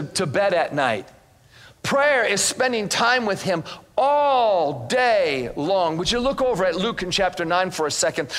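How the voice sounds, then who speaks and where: A man preaches to a congregation in church, telling stories and playing each part. His voice sits high and sounds bright and forceful. He is animated throughout. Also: in a large hall. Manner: animated, acts out dialogue. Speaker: guest minister. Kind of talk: sermon with storytelling.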